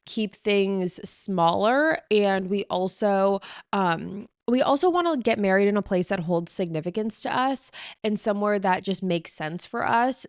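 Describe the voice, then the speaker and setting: A young adult woman hosting her podcast in a casual, chatty way, full of fillers and quick backtracking. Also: mid-range voice, no room sound, clean studio sound. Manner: chatty and animated, filler-heavy, often backtracks. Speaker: podcast host. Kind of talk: casual chat.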